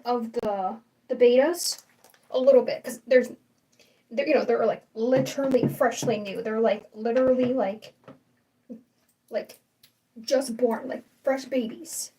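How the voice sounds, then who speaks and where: A young woman chats through a casual livestream in a high but mellow voice, restarting sentences and leaning on fillers as she gives her opinions. She sits a little back from the mic, so the sound is slightly distant. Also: a little slow, pauses often. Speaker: livestream host.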